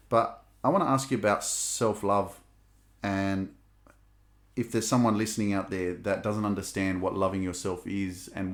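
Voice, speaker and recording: A man hosting a podcast, asking questions and telling his own stories in a lively, enthusiastic way. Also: on the low side. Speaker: podcast host. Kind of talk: casual podcast conversation.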